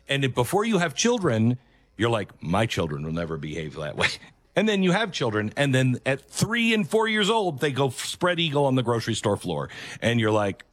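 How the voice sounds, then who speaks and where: A man's voice: mid-range voice, a bit bright, dry recording. A man hosting a commentary show, talking earnestly and emphatically and repeating his key phrases. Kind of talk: opinion commentary on a video clip.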